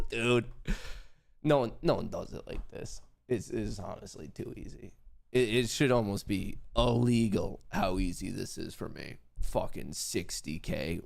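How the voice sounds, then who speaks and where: A man with a gravelly edge to his voice runs a live trading stream from a desk mic. He talks casually to his chat and breaks into loud, hyped yelling when his trades pay off. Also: on the low side, unhurried. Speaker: livestream trading host.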